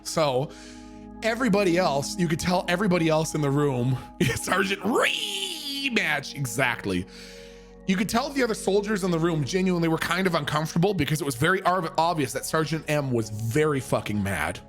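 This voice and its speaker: A young man from Canada telling a story casually, profane and animated, with many fillers. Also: a little high, a little fast, faint music behind. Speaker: streamer.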